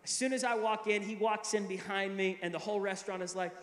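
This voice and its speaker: A man's voice: high voice, fairly even intonation, fast talker, a bit bright. A middle-aged man preaching a sermon, telling a story and acting out the dialogue with shifting voices. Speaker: pastor. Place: large church hall. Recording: echoey hall, long reverb.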